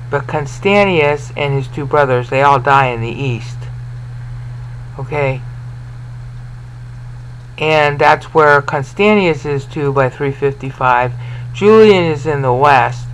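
Slow, explanatory man teaching scripture. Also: a little high, slight background noise, low-quality recording. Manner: explanatory, repeats and restarts words, asks listener questions. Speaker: Bible teacher. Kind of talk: informal Bible lesson.

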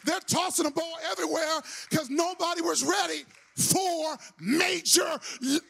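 A man preaching a sermon as pastor, telling a story with shouting, playful energy. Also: very high-pitched, measured pace, creaky. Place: church sanctuary.

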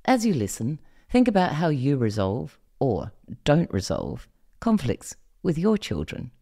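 A middle-aged Australian woman hosts a parenting podcast, expressively delivering a scripted monologue and asking the listener direct questions. Her deep, dark voice swoops wildly in pitch and never hurries.

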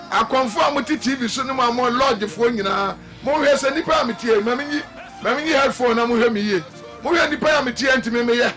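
Ghanaian prophet guy preaching live, super high bright voice, kinda sings it, faint music under. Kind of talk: live broadcast sermon and talk.

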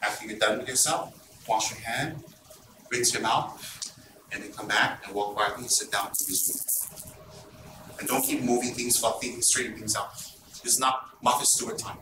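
A man giving an informal Buddhist teaching, telling stories in an animated, blunt and teasing way. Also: lowish voice, moderate pace, pauses often. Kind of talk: informal dharma talk. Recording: roomy, distant mic, background noise.

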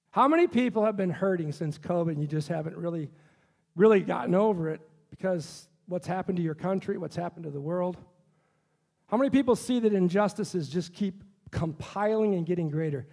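In a church sanctuary, a male pastor with a notably high, slightly mellow voice and some vocal fry preaches an impassioned sermon. He repeatedly poses questions to the congregation and presses his point.

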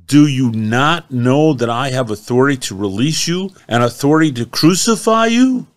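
A man's voice: mid-range voice, expressive, normal speed, pitched above the performer's own voice, natural voice. A man voicing an anxious Roman governor, speaking raised and insistent in a scripture reading.

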